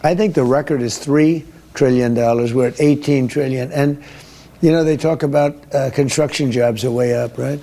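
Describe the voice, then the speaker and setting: A man's voice: mid-range voice, steady tone, normal speed, mellow. An older man answering in a rambling, repetitive, boastful way during an interview. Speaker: politician being interviewed.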